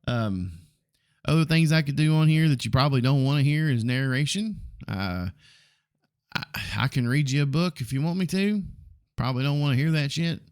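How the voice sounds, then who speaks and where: A man's voice: fairly high pitch, moderate pace, a little mellow, smooth. Laid-back Southern man in his forties. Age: 40s. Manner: rambling, blunt, frequent ums and mild swearing. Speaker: podcast host. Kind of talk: casual solo podcast talk.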